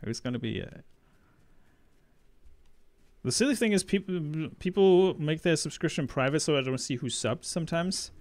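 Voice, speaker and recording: A man's voice: a little high, animated, normal speed, pauses often, a little mellow, dry recording. A man hosting a game stream, chatting in a rambling, easygoing way with many restarts. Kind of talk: casual gameplay chat.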